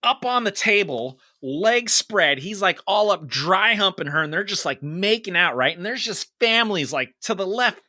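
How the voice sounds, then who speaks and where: Male podcast co-host, thirties; lively, profane storyteller with a bright tone. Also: high-pitched, normal speed, few pauses, no echo, clean studio sound. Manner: animated, swearing, gets loud in quoted lines. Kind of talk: casual storytelling chat.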